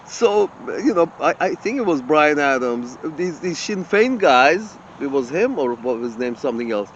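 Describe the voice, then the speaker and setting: A man with a high voice rants indignantly and swears freely, stumbling over words and restarting sentences. The audio sounds muffled, with faint traffic and vehicle noise from the street behind him. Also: very animated, normal speed, hardly any pauses. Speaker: channel host. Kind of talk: ranting open-letter monologue.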